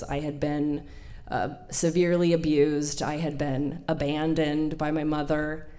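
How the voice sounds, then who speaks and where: A woman with a low voice for her sex tells a personal story to a live audience. She is in her thirties and hosts the evening. She talks in a chatty way, laughs often, and fills pauses with small hesitations. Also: darkish tone. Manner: chatty, laughing, many fillers. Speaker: storytelling event host and storyteller.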